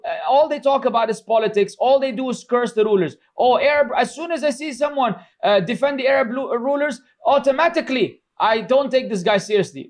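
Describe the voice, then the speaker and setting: Very high-pitched man lecturing sarcastically. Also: animated, brisk, few pauses. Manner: sarcastic, scolding, mocks critics in quoted voices; chatty with many fillers. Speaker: religious teacher. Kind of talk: informal religious class lecture.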